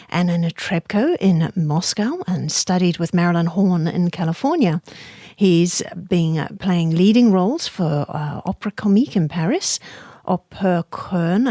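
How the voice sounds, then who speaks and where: A woman's voice: on the low side, darkish tone, dry recording. A woman hosting a breakfast radio show, reading the weather and interviewing a guest in a chatty, self-correcting way, in a studio. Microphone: studio microphone.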